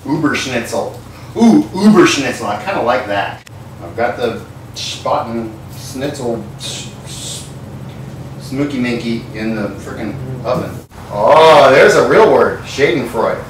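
A man's voice: medium pitch, slow, a little hiss or hum. Rambling, swearing man in echoey kitchen. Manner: rambling, profane, tipsy banter while cooking. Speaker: cooking show host. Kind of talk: comedic cooking vlog. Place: home kitchen. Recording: very echoey kitchen, far from mic.

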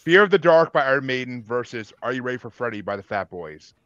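A man's voice: mid-range voice, expressive, fast, fairly bright tone, no room sound. A man hosting a podcast in casual group chat, running a bracket vote and teasing his guests with crude jokes. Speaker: podcast host. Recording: dull lo-fi call audio.

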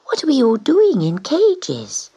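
A woman's voice: high voice, huge pitch swings, slow pace, slightly rough, pitched above the performer's own voice, exaggerated voice. A woman voicing a curious little witch's kitten. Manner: soft, wondering and polite. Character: young male witch's black kitten, curious and wondering.

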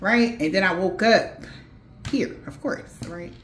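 A woman's voice: mid-range voice, a little slow, soft background music. A woman intuitive reader telling a dream story in a casual, profane way, with laughing asides. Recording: roomy echo.

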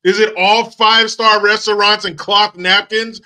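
A man's voice: high voice, level tone, unhurried, few pauses, pushed and bright. A man hosting his channel, giving a sarcastic, mocking and profane rant about a video clip. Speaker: channel host. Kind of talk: ranting commentary on a clip.

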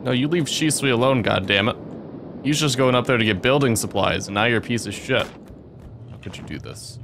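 A young man giving gameplay commentary, swearing often and breaking into excitable outbursts. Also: mid-range voice, a little fast, noisy background. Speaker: let's play host.

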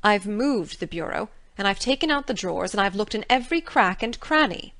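A woman's voice: medium pitch, expressive, fairly quick, fairly bright tone. A woman playing a stern, blunt middle-aged spinster in an audiobook drama, speaking in firm, clipped scolding tones. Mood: indignant.

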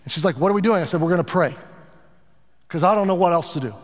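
A middle-aged pastor preaching a sermon in an earnest, animated way, with asides to his congregation. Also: high voice, fast talker, in a large hall.

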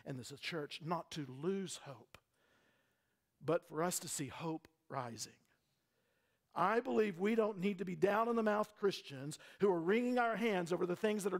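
A man's voice: sits high, gravelly. A man preaching a sermon as pastor, earnest, with frequent repeated words and rhetorical questions.

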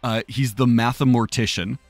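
A man's voice: medium pitch, steady tone, moderate pace, no room sound, soft background music. A man co-hosting a live-streamed talk show, chatting playfully with frequent fillers and laughter. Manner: playful and rambling, many fillers, laughs often. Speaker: podcast co-host. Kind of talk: casual chat, mock news segment.

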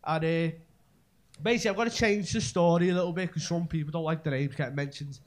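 His voice is on the high side, steady in tone, and he talks fast. A young Scouse comic from Merseyside, England, he rambles through a slang-filled live set in a comedy club, with the audience laughing in the background.

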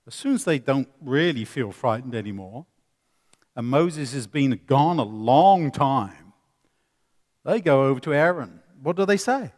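A man preaching a sermon, swinging between loud emphasis and quiet asides, with many rhetorical questions. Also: medium pitch, expressive, unhurried. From England. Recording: long reverb of a hall.

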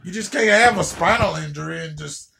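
A man's voice: on the high side, fairly quick, gravelly, pushed and bright, slight background noise. A man doing a profane comedic rant, stammering and repeating words as he goes.

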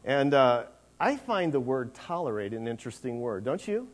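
A man's voice: mid-range voice, sing-song, moderate pace. A man preaching a sermon in a conversational, rambling way, with many fillers and restarts.

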